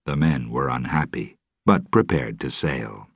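A man reading a storybook aloud with a very deep, husky voice. His delivery is slow and measured, and his pitch moves a lot as he tells the story. The sound is dry and close to the mic. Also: animated, dry recording.

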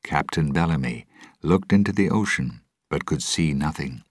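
A man reading an adventure story aloud in slow, expressive storybook narration. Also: very deep voice, slightly rough, no room sound, clean studio sound.

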